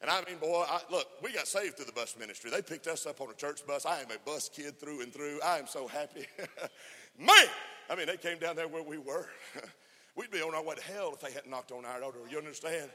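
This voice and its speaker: A man's voice: on the high side, brisk, sharp tone. A man preaching a fervent sermon to a conference, often laughing and calling for amens. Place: church conference hall. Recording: echoey hall reverb.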